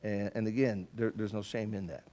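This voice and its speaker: A man's voice: on the low side, steady tone, fairly quick, mellow. A man teaching a Bible class at church, earnest and emphatic, often stumbling into repeated words as he restarts his sentences.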